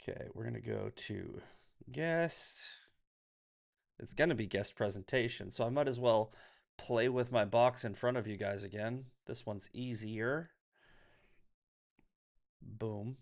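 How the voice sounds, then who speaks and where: A man's voice: on the low side, measured pace, vocal fry, pauses often. A man hosting a livestream, ranting casually and profanely, laughing often and reading viewer comments aloud. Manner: reads chat comments aloud. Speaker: livestream host.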